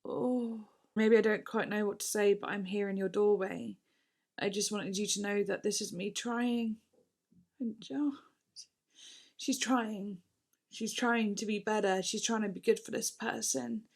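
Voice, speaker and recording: A woman's voice: mid-range voice, fairly even intonation, unhurried, creaky, darkish tone. A woman making a casual music reaction video, gushing, swearing now and then and reading lyrics aloud.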